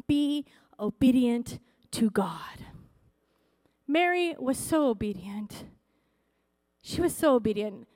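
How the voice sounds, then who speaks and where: A woman pastor preaching a sermon in a conversational, excitable way that rises to shouting. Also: high voice, dry recording, clean studio sound.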